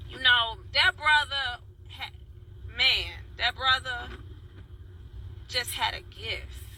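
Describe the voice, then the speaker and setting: A woman's voice: sits high, sharp tone, poor audio. A woman from Chicago talking in a heartfelt, rambling way, calling out to her viewers by name. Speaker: dance video blogger. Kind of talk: casual spoken vlog.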